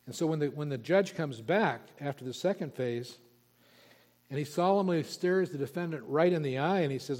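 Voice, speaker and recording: A pastor preaching an expository sermon, emphatic and repeating key words for stress. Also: male voice, on the high side, moderate pace, a little mellow. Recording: long reverb of a large hall.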